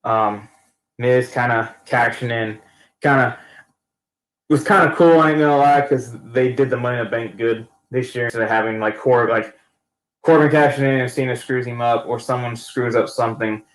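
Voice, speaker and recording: A man's voice: mid-range voice, steady tone, normal speed. A man giving a casual, rambling recap of a wrestling event, talking in slang and often restarting his sentences. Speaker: wrestling fan vlogger. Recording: echoey room.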